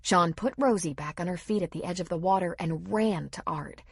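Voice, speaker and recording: A woman narrating an audiobook in a steady, dramatic manner, read close to a studio mic. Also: fairly low pitch, normal speed, vocal fry, slightly rough, no echo. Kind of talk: scripted narration.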